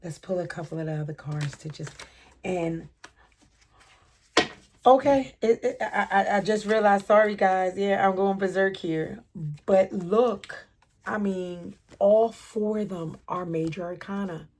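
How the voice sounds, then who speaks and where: A middle-aged woman giving a spontaneous tarot reading, excitable and full of slang, laughing and breaking into snatches of song. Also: medium pitch, a little slow. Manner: excitable, laughing, slang-heavy, bursts into singing. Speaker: tarot reader.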